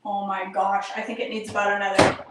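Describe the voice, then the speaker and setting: A woman hosting a live cooking stream from her home kitchen, chatting excitedly and answering viewers by name. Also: medium pitch, brisk, very noisy. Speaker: cooking livestream host. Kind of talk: casual live cooking chat, reading comments.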